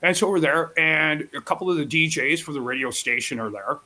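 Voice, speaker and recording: A man telling a rowdy story in casual live chat, swearing freely and acting out loud quotes. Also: on the high side, brisk. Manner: profane, animated storytelling with loud acted-out quotes. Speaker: guest storyteller.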